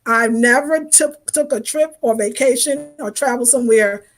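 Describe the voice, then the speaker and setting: A woman's voice: on the high side, moderate pace. A woman in her fifties hosting a lifestyle livestream, chatting casually and animatedly with viewers in slang. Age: 50s. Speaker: lifestyle channel host.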